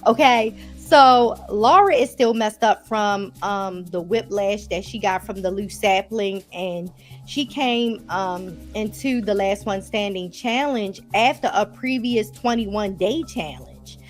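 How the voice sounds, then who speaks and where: A woman's voice: medium pitch, slow, faint music behind. A woman with a Baltimore accent, chatting casually to her viewers as she recaps a TV episode. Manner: chatty, addresses viewers as y'all. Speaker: TV episode reviewer.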